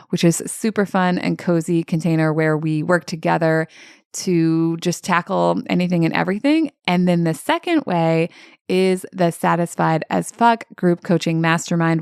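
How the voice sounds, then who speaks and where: Gravelly-voiced woman podcasting as a coach. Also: on the low side, no echo, studio quality. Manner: candid, animated, swears freely, says "like" often. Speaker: life coach and podcast host. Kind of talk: casual solo podcast talk.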